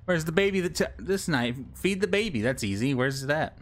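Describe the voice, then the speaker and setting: A man's voice: fairly high pitch, animated, normal speed. A young man commentating a game, joking at an on-screen baby and yelping now and then. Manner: joking, talks to the baby, bursts into laughs and yelps. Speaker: gameplay commentator. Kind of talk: let's play commentary.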